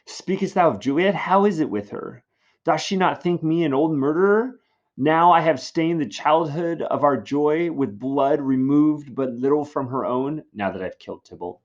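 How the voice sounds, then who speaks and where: A man's voice: a little high, normal speed, lo-fi sound, voice pushed up, close to an everyday voice. A man reading as an anguished young lover. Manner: anguished, pleading verse reading. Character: desperate, lovesick young man.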